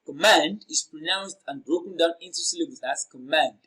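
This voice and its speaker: A man tutoring students through exam questions with a slightly high voice. He speaks slowly and carefully and repeats words to drill the stress. He stretches the stressed syllables so they come out louder and longer. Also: rough recording.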